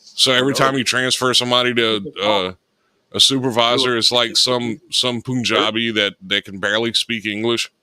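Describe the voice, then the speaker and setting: Bright-voiced joking man. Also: mid-range voice, steady tone, normal speed, clean tone, no echo, low-quality recording. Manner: joking, riffing. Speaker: radio show co-host. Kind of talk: casual comedic chat.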